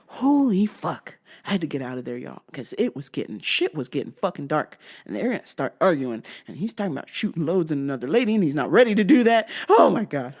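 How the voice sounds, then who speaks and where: Animated, foul-mouthed woman telling a story. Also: sits low, quick pace, hardly any pauses, slightly rough. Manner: animated, profane and exasperated. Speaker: host. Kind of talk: profane storytime vlog.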